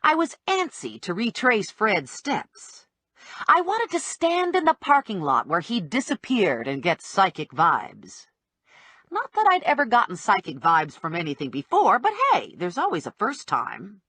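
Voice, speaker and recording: A woman reading a first-person audiobook with wry, deadpan humor. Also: mid-range voice, measured pace, breathy edge, no room sound. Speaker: audiobook narrator.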